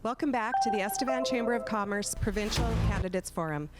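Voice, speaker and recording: A woman's voice: medium pitch, fast talker, loud music behind the voice. Chatty woman moderating a forum. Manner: chatty and informal, with filler words and self-corrections. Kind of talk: moderating a televised candidates forum.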